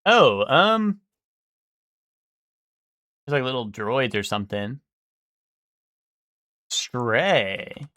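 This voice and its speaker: A man's voice: mid-range voice, sing-song, extremely slow, long pauses, pushed and bright, no echo, studio quality. A young man streaming live, thinking aloud and guessing in casual, swearing chatter.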